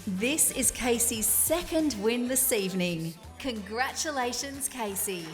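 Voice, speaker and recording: A woman announcer reading a scripted voice-over for an awards show, listing the nominees in a crisp, formal way. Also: a little high, lively intonation, unhurried. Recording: loud music underneath.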